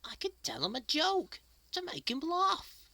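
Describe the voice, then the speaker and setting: A woman's voice: measured pace, no echo, exaggerated voice. A woman voicing an eager little toy who chirps out ideas in a children's toy show. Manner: excited, high and chirpy.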